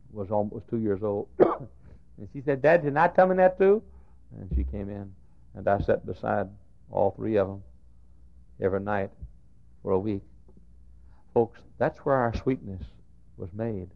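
A middle-aged preacher delivers his sermon in a lowish voice, sinking to near-whispered storytelling before bursting into shouts. The sound is muffled and lo-fi, like an old church tape recording. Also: vocal fry. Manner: swings from hushed storytelling to shouted outbursts. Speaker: pastor. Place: church sanctuary.

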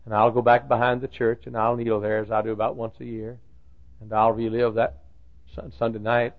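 Pastor preaching, gravelly voice, repeats lines and builds up, tinny phone-like tape. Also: male voice, mid-range voice, flat delivery, brisk. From Dallas, Texas. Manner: storytelling, repetitive, rising to emphatic peaks. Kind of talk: sermon. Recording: tinny lo-fi old sermon tape.

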